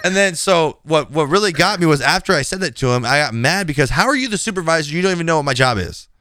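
On a podcast with studio-quality, echo-free sound, a man with a slightly high voice speaks at a quick pace. He frankly and animatedly recounts a workplace clash in casual storytelling, quoting what each person said.

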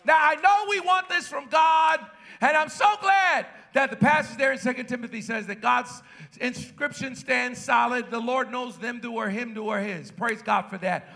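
A pastor preaching a sermon to his congregation. He calls out to the crowd and builds up into shouts. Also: very high-pitched, normal speed, creaky. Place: church.

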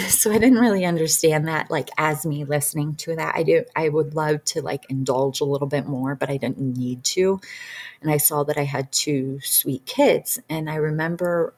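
Woman, low husky voice, casual earnest storyteller who sinks to a whisper. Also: moderate pace. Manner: earnest and emotional, often dropping to a soft whisper. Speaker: guest recounting a regression session.

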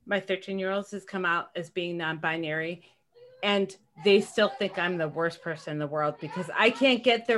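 A woman in her forties co-hosting a podcast, chatting casually and laughing as she talks. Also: mid-range voice. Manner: animated, laughs while talking. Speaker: podcast co-host. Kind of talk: casual chat.

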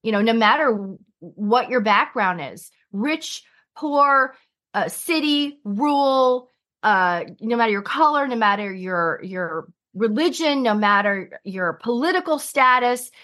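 A woman's voice: a little high, lively intonation, measured pace, fairly bright tone. Woman, guest, chatty, casual interview talk, jumps in often. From United States. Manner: chatty, finishes others' sentences.

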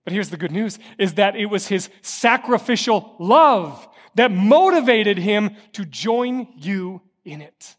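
A man's voice: sits high, animated, slow, hardly any pauses, big-room sound. A man preaching a sermon as a pastor, impassioned, with a rising and falling, repetitive cadence. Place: church sanctuary.

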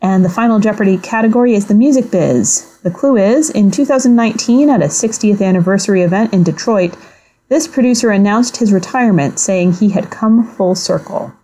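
Podcast co-host, woman, careful, measured recap voice. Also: medium pitch, mellow. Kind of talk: casual podcast chat, reading quiz clues aloud.

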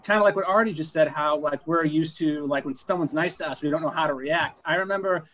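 Man with a high voice as co-host, sarcastic storyteller. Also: fast, fairly bright tone. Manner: sarcastic, sweary, rambling anecdotes. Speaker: podcast co-host. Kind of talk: casual storytelling.

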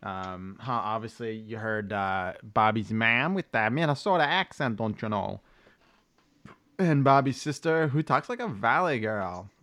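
A man's voice: medium pitch, animated, moderate pace, hardly any pauses, a bit bright. A man co-hosting a podcast, rambling casually through a recap with loose swearing. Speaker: podcast co-host. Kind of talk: casual chat.

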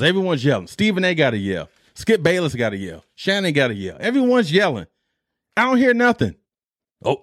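Middle-aged male podcast host, lively exasperated rant, dry close sound. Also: fairly high pitch, no echo. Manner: animated, exasperated ranting with repetition.

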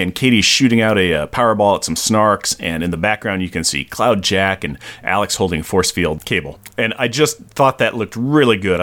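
A man co-hosting a casual comics podcast, jokey and animated. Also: on the low side. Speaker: podcast co-host. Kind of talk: casual chat.

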